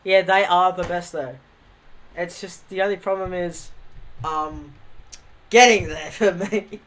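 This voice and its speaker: A man's voice: high voice, fairly even intonation, unhurried, a bit bright, slight background noise. A young man with an Australian accent casually telling rambling stories on a livestream, swearing freely and laughing at himself.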